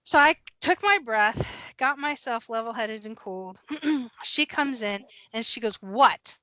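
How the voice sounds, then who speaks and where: A bright, forceful middle-aged woman hosts a casual podcast chat, spinning a workplace story with lots of laughter and acted-out quotes. Her voice sits a bit high, and the recording is dry and slightly dull, like a lo-fi podcast mic. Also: a little slow, no room sound. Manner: animated, laughs often, acts out quotes. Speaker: podcast host and HR professional.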